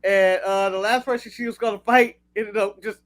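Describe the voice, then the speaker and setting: A man's voice: sits high, fairly even intonation, normal speed, fairly bright tone. A man from the United States co-hosting a wrestling podcast, talking bluntly in casual chat, swearing freely and laughing at his own jokes. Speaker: podcast co-host.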